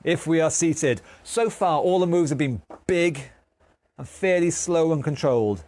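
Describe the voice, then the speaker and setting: With a slightly high, somewhat mellow voice and lively intonation, an English fitness instructor takes his time while leading a live online class. He's chatty and supportive, counting down the moves, and sounds a bit out of breath.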